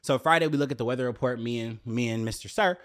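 A young man telling a story to his viewers in a casual, profane, animated way, often jumping up into a high exclaiming voice. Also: quick pace. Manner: profane, slangy, addresses viewers directly.

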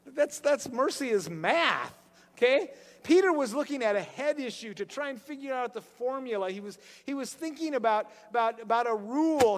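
A man's voice: sits high, big-room sound. A man preaching a sermon as pastor, telling stories loosely and often repeating and restarting words.

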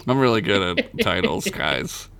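A man's voice: fairly low pitch, gravelly, fairly bright tone. A man co-hosting a podcast who reads his own crude comic story aloud, joking and breaking into laughter.

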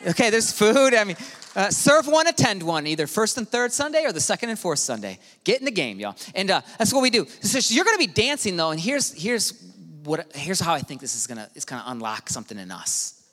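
A man preaching a sermon as pastor, animated, swinging from hushed to shouting. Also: high-pitched, brisk. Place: church auditorium. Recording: reverberant hall with music behind.

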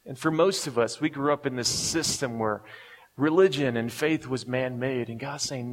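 Chatty pastor in a reverberant hall. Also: male voice, medium pitch, moderate pace. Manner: conversational, chuckles often, keeps asking "right?". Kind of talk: sermon.

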